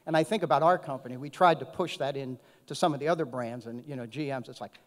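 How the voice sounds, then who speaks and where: A man's voice: medium pitch, quick pace, few pauses. Chatty man on a conference panel. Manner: anecdotal, conversational with many "right?" tags. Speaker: panelist, HR executive. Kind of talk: panel discussion. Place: conference hall. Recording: echoey conference hall.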